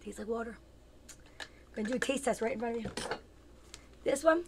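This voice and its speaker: Brisk and a little high-pitched, this woman's voice is accompanied by background noise. She is a comedian in her fifties hosting her own show, casually chatting with viewers by name in a rambling, playful, self-mocking comic live session.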